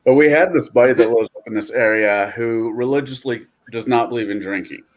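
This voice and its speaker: A man's voice: medium pitch, fairly quick. A man chatting casually among friends while painting miniatures, telling stories and swearing freely. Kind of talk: casual chat.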